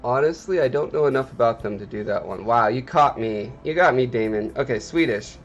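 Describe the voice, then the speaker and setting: A man who is an artist hosts a livestream, chatting casually in a mid-range voice with lively intonation at a slightly fast pace. He jokes wryly and talks directly to chat viewers, though the audio sounds dull.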